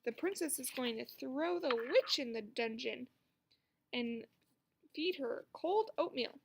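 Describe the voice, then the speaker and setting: A woman reading aloud, voicing a defiant, excitable young girl playing princess. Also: sits high, slow pace, vocal fry, exaggerated voice.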